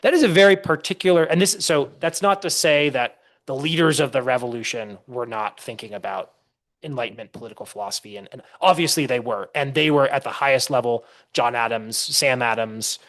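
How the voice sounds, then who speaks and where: A man's voice: mid-range voice, brisk, a bit bright. A man, a historian being interviewed on a podcast, explaining at length with frequent restarts and storytelling. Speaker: historian guest.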